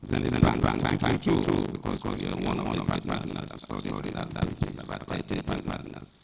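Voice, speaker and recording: A man's voice: a bass voice, wildly swooping pitch, moderate pace, creaky. A man giving a formal thank-you speech at an event, stumbling and repeating words. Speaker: speaker giving thanks at a launch. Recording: noisy event recording.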